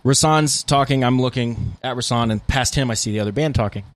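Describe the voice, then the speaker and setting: This is a fairly quick, medium-pitched male voice recorded with no room sound. He's an American band guitarist co-hosting a podcast, casually swapping tour stories with plenty of fillers.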